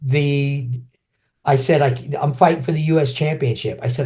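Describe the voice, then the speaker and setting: Man, middle-aged, slightly high voice, animated, casual interview storytelling, frequent restarts. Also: normal speed. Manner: animated, restarts often, acts out friends' voices. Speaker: guest, former champion kickboxer.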